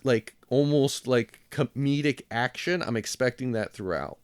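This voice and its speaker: A man's voice: mid-range voice, unhurried, smooth, no echo. A man co-hosting a film podcast, talking casually with blunt, sarcastic remarks and the odd swear. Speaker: podcast co-host. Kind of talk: casual film review chat.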